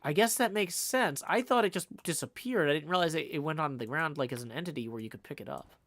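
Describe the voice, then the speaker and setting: Gravelly, bright-voiced male streamer. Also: a little high, fast, no room sound. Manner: rambling, thinks aloud, self-correcting. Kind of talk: casual livestream chat while playing a game.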